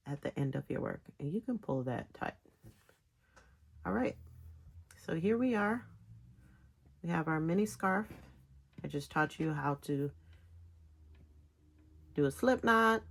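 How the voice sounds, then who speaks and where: Slow, gravelly-voiced woman teaching knitting. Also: deep voice. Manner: halting, pauses between phrases. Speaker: knitting instructor. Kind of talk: casual step-by-step tutorial.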